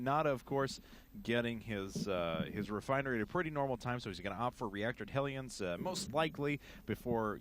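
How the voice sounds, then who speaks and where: A man doing play-by-play commentary on a strategy game match, excitable and joking. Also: mid-range voice, slight background noise. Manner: jokey, excitable, lively delivery. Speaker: esports caster.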